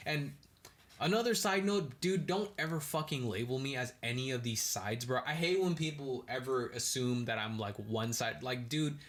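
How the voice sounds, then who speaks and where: Young male podcast host, solo, stoned, slangy and profane, rants in bursts and rambles off on tangents. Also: mid-range voice. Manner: ranting, animated bursts. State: high. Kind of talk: casual rambling monologue.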